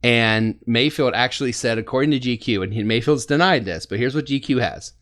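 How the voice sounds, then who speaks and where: A man's voice: mid-range voice, a little fast. Laughing sports podcast host, man. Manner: laughing, animated storytelling. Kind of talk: casual sports chat.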